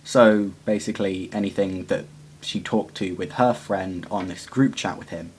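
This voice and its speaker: Teen guy rambling on his vlog, kinda low voice, awkward laughs, lots of ums. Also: a little hiss or hum. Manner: awkward, self-deprecating, laughs often; rambling with many fillers and pauses. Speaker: vlogger. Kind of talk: casual confessional vlog.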